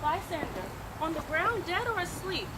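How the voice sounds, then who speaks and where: A woman's voice: very high voice, big pitch swings, moderate pace. A woman playing a lovesick, spurned young woman in a stage play, speaking in pleading, emotional verse. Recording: outdoor recording with loud noise.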